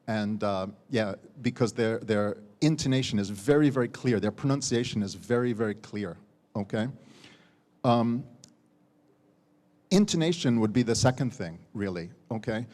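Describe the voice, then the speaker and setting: An American university teacher judging a competition gives spoken feedback to student contestants in a lowish, darkish, animated voice at normal speed. He ends phrases with a checking "okay?" and repeats words as he goes, with long hall reverb around him.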